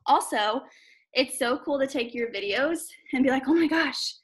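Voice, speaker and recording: A woman with a somewhat high voice chats on a video call. She is enthusiastic and full of fillers. She is panting and out of breath as she talks. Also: slow pace, sharp tone. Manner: enthusiastic, chatty, many fillers like "um" and "like". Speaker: fitness coach sharing on a team call. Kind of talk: casual video call chat.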